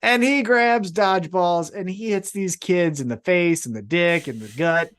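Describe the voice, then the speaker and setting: A man co-hosting a podcast, recapping wrestling in casual, profane, animated storytelling. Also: high voice, moderate pace, clear, resonant tone. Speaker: podcast co-host.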